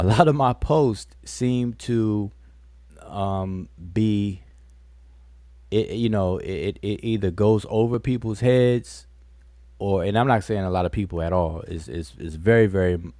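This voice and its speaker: A man with a deep, mellow voice hosts a laid-back live stream from home. He rambles in a loose, conversational way. The computer mic sounds dry, with no room echo. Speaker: livestream host. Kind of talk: casual live-stream chat.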